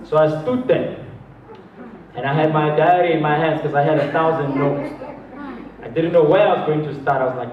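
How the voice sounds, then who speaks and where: Motivational speaker, man from South Africa, high and animated, heard from afar in a big echoey hall. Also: normal speed, slight background noise. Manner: animated, acts out voices of others, chuckles often. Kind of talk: motivational talk to a live audience. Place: large hall with an audience. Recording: distant, roomy, dull hall recording.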